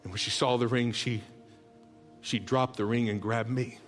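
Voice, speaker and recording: A man preaching a sermon as a pastor, telling tender stories in a soft voice and building to loud, rallying calls to the congregation. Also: medium pitch, fairly even intonation, normal speed. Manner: heartfelt storytelling that swells into loud rallying calls; drops to soft, hushed tones for tender moments. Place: large church auditorium. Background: soft background music.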